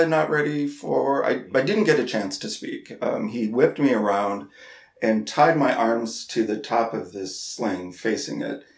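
Male co-host, mid-pitch, halting storyteller who repeats words, roomy sound. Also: gravelly. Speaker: podcast co-host. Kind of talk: casual storytelling chat.

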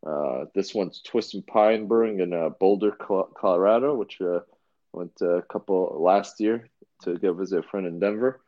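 A man's voice: deep voice, moderate pace, dull audio. A man co-hosting a podcast in casual chat, rambling and laid-back with lots of fillers and restarts. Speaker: podcast co-host.

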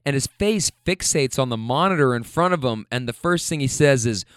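Lively, salty storytelling man. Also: mid-range voice, smooth, no echo, clean studio sound. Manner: animated, profane, quick storyteller. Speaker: podcast host and rideshare driver. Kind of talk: casual storytelling monologue.

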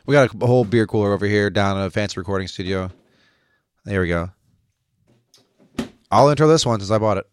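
A man's voice: fairly low pitch, fast, pauses often, smooth. A man co-hosting a casual beer-tasting podcast in a studio, cracking puns and laughing often. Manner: jokey, punning, laughs often. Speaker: podcast co-host. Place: recording studio.

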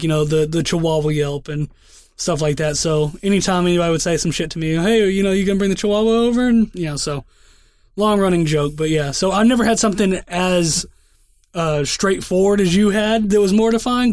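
Fast-talking high-voiced young man. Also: darkish tone, dry recording. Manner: profane, rambling storyteller. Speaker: podcast co-host. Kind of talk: casual podcast chat.

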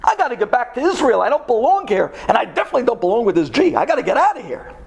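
Man playing a desperate young Israeli man, panicked and high-pitched, begging and yelling. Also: very animated, racing, gravelly, slightly rough, exaggerated voice. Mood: anxious. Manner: frantic, pleading, yelling.

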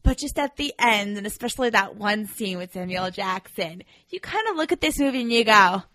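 A young woman joins a casual movie chat, bubbly and quick to giggle, now and then searching for a word. Her voice sits at a middle pitch and sounds dry and close to the mic. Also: animated, pushed and bright, no echo. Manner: giggly, bubbly, loses words. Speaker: guest.

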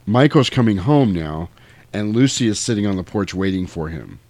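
Animated, jokey man recapping a movie. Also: fairly low pitch, moderate pace, dry recording. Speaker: podcast co-host.

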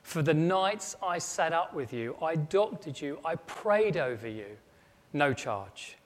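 A man speaking as a loving mother, soft, slow and heartfelt. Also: a little high, lively intonation. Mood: tender. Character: tender loving mother answering her son. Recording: long echo of a large hall.

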